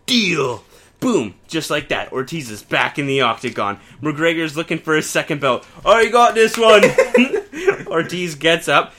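Bright-voiced young man telling a comic story. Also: fairly high pitch, big pitch swings, a little slow, slight background noise. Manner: laughs through his own story, swearing. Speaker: podcast co-host. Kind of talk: casual comedic storytelling.

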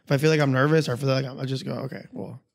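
A man's voice: mid-range voice, level tone, very fast, vocal fry. A man co-hosting a podcast, arguing in casual chat and often laughing. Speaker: podcast co-host.

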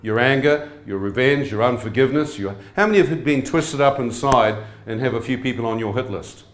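A man's voice: mid-range voice, fairly quick. Male preacher, testimony sermon, humorous, quizzes the audience, roomy church sound. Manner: humorous, asks the crowd frequent questions. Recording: echoey hall.

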